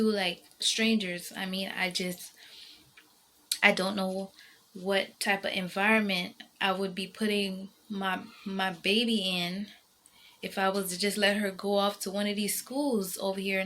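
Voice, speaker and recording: Talking casually to her vlog audience, a mother speaks in a mid-range, fairly bright voice. Her delivery is emotional and rambling, looping back over her points and full of fillers and false starts.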